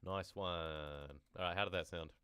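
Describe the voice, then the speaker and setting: A man's voice: low voice, steady tone, a little slow, bright, forceful tone, clean tone, no room sound. A man chatting casually and joking on a live stream. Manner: joking, self-amused, chatty. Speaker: horror story narrator on a live stream.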